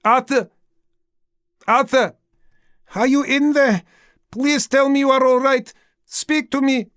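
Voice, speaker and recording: A man voicing a queen who demands entry in a high, urgent, imperious way. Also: moderate pace, a bit bright. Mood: pleading. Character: distressed queen demanding entry, commanding woman.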